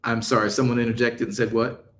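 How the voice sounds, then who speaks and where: A man leads an online study group in a medium voice. He tells stories and jokes in a loose, lively way, then moves into a prayer and a blessing. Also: mid-range voice, fast. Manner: animated, jokey, turns into a prayer and blessing. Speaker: minister leading online study. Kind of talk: casual storytelling and prayer.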